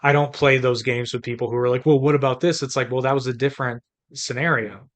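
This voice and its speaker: A man's voice: mid-range voice, fairly even intonation, fast. A man from the United States co-hosting a podcast in casual chat, chatty and rambling with frequent restarts. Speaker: podcast co-host.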